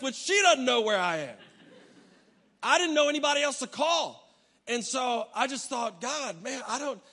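A man's voice: extremely high pitch, pushed and bright. A man preaching a sermon, telling a travel story with humor and acting out his own reactions. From United States. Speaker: pastor. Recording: long reverb of a large hall.

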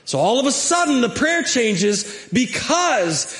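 A man with a high, bright-toned voice preaching a sermon as a pastor. He talks in an animated, emphatic way and climbs to loud peaks. He also breaks off into casual, conversational asides to the people in front of him. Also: slow.

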